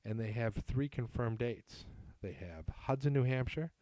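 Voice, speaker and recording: A man's voice: mid-range voice, animated, unhurried, dark tone, no room sound, clean studio sound. A man from New England hosting a casual solo podcast, reading listener emails aloud and rambling with self-deprecating asides. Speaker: podcast host.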